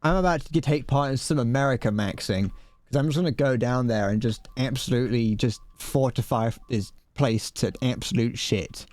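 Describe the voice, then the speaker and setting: A man's voice: medium pitch, moderate pace, a little mellow, no echo. A man streaming a video game live, rambling and restarting his sentences, swearing at the game and a little out of breath. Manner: rambling, stumbles over words, swears. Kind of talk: casual live game commentary.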